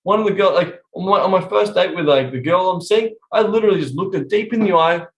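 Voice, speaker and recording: A man with a high-sitting voice talks fast on a podcast, chatting bluntly and emphatically while swearing constantly. The recording has a roomy echo.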